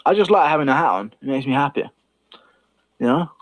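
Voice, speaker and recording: A man's voice: medium pitch, animated, fairly quick. A man from Britain, chatting casually on a livestream with rambling, profane opinions. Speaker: stream host.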